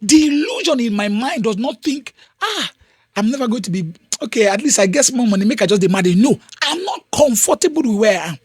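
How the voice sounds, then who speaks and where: Husky Nigerian man giving a pep talk. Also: high voice, no room sound, clean studio sound. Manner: emphatic, repeats phrases. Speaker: podcast host. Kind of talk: motivational talk.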